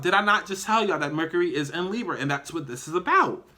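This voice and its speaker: A man's voice: high voice, expressive, fast, few pauses, bright, forceful tone. A man giving a casual tarot reading to viewers, chatty and emphatic, talking straight to his audience and cursing freely. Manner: chatty, emphatic, profane, addresses viewers directly. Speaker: tarot reader.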